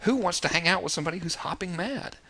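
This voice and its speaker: High-pitched, animated, and fast, this thirtysomething marketing instructor has a bright, forceful tone. His casual lesson on sales letters is loose, full of fillers and restarts, with quoted lines acted out.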